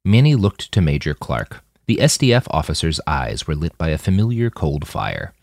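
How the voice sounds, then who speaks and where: A man narrating his own fiction with an expressive reading. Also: rumbling low, normal speed, no room sound. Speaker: author and narrator.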